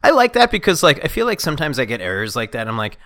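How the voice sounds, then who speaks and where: A man's voice: mid-range voice, huge pitch swings, fast talker, fairly bright tone. A man co-hosting a podcast in casual comedic chat, goofy and riffing on silly bits. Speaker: podcast co-host.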